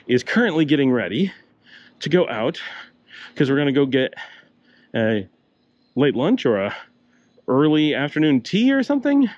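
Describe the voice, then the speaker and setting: An older man, a travel vlogger, rambles chattily while narrating a walking tour on city streets, a little out of breath and coughing slightly. His voice is medium-pitched and darkish. The recording is dry, with the highs cut off.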